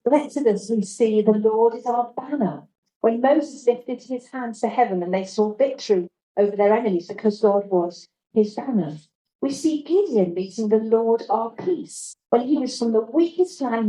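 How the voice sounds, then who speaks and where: A woman preaching a sermon, earnest and reflective, who drops low and soft when she quotes the words of Jesus. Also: lively intonation, normal speed, roomy sound, low-quality recording. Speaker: guest preacher. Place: church.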